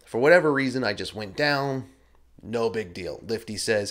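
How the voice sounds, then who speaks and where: A man's voice: mid-range voice, animated, moderate pace, fairly bright tone. A man hosting a podcast, telling a story in a casual, rambling, self-deprecating way and swearing freely. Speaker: podcast host. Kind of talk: casual first-person storytelling.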